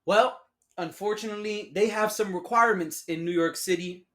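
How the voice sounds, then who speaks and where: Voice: medium pitch, normal speed, fairly bright tone. A podcast host talking alone in a casual, sarcastic way, using slang, calling listeners "y'all" and laughing at their own remarks. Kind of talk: solo casual podcast commentary.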